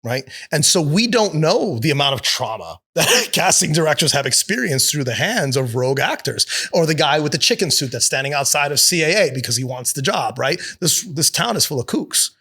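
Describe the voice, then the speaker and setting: A man being interviewed as an actor and producer, telling stories in a lively, profane way and acting out the people he quotes. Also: on the high side, a little fast, few pauses, slightly rough. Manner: animated, profane, acts out quotes. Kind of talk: casual interview storytelling. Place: studio with city view.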